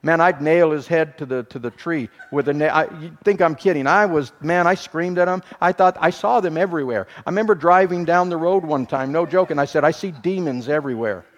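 A man preaching a sermon as pastor, shifting from quiet, slow teaching to loud, quick, humorous asides. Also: fairly high pitch. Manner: dynamic preaching, swings from soft to loud and fast.

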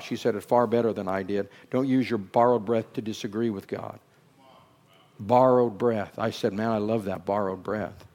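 A middle-aged man preaching a sermon, dropping to hushed, drawn-out phrases and then climbing into loud, emphatic bursts. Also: mid-range voice. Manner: slow, drawn-out words for emphasis.

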